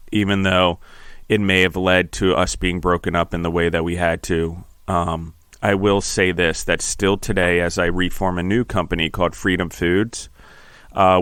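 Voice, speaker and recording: A middle-aged podcast host speaks in a very low, smooth voice, steady and flat, during reflective interview talk. He is earnest and halting, pausing, restarting phrases, and growing emotional. The sound is close and dry with no echo.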